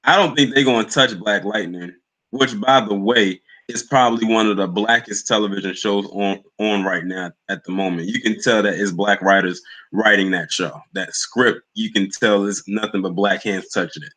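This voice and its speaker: A man's voice: on the low side, normal speed, sharp tone, rough recording. A young man hosting a livestream, chatting loosely and greeting commenters by name. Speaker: livestream host. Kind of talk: casual live chat with viewers.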